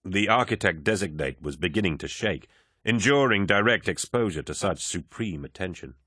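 A man narrating an audiobook in a measured, even storytelling manner. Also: sits low, husky, no echo, clean studio sound. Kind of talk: scripted narration.

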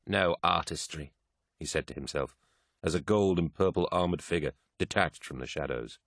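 Deep-voiced guy reading a story, measured and dramatic, dry sound. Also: no room sound. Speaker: audiobook narrator. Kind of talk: scripted narration.

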